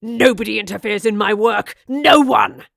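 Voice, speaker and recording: A woman's voice: medium pitch, normal speed, gravelly, dry recording. A woman doing a cold, menacing man. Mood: furious. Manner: cold and calm, then screaming in rage. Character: cold, intense, menacing man guarding his target.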